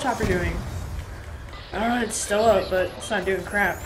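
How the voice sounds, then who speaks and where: Woman, gaming host; excitable play-by-play, frequent swearing, mid-range voice over loud game shooting. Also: medium pitch, moderate pace, background noise. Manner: excitable, swears often, sudden yelps when in danger. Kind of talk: live gameplay commentary. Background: game gunfire and explosions.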